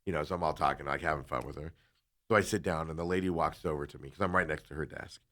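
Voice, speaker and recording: Rumbling low and quick-paced, a male co-host on a talk show spins a long, casual tale. He acts out the people in it with animation, now and then dropping into hushed asides.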